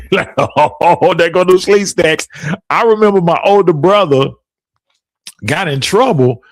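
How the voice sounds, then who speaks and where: A man's voice: a little high, no echo. A middle-aged man hosting a podcast, telling stories in a casual chat and laughing often. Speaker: podcast host.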